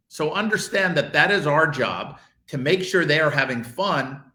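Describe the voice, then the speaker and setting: Male co-host, bright forceful voice, pitched a bit high, persuasive coaching style. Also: reverberant. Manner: emphatic, persuasive, acts out parent conversations. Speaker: show co-host, martial arts business coach. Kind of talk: coaching talk with sales role-play.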